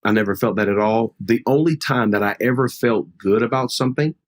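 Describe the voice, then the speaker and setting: A man's voice: fairly low pitch, fairly quick. A middle-aged man, a pastor, telling a personal story in an earnest, conversational way during a podcast interview.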